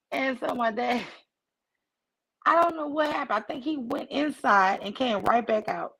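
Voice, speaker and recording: A woman livestream host telling a personal story to her chat in a casual, animated way, acting out the voices in it. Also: a little high, normal speed, breathy edge, low-quality recording. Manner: animated, acts out quoted voices.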